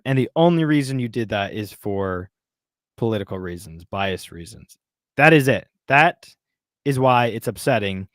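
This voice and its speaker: A man's voice: mid-range voice, no room sound, studio quality. A man co-hosting a casual podcast, ranting in a heated, exasperated way. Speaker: podcast co-host.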